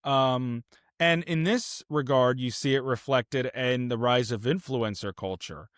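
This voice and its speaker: A man with a smooth, resonant voice holds forth on a film podcast, earnest and opinionated, stumbling through fillers and restarts. He sits close to the mic in a dry, dead-sounding room. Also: medium pitch, measured pace, a bit bright, no echo. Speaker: podcast co-host. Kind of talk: casual film podcast chat.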